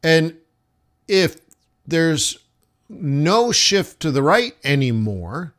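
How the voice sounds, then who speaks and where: Slow, musing man streaming trades. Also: fairly high pitch, very animated, a bit bright. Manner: slow, musing, talks to chat as "guys"; thinks aloud over charts with pauses and fillers. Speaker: forex trading streamer. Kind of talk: live trading stream commentary.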